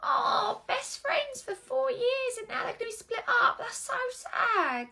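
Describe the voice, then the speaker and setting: A woman's voice: extremely high pitch, a little slow, gravelly, pushed and bright, slight background noise, voice pushed up, full character voice. A woman doing a chirpy, inquisitive nursery worker. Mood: chatty. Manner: chatty and inquisitive. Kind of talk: comedy sketch acting.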